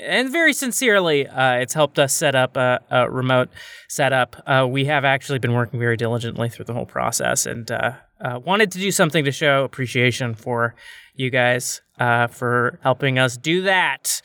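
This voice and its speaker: A man opens a podcast episode in a loose, jokey way, peppering his talk with fillers. His voice is bright and crisp, sitting a little high, with a dry, close sound. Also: lively intonation, normal speed, no echo. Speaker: podcast host. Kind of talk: casual podcast intro.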